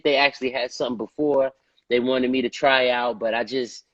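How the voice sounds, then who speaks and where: A man's voice: medium pitch, steady tone, fairly quick, a bit bright, no room sound, highs cut off. Laid-back, cussing male singer. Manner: laid-back, profane, repeats filler phrases. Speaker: guest, R&B singer. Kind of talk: casual interview storytelling.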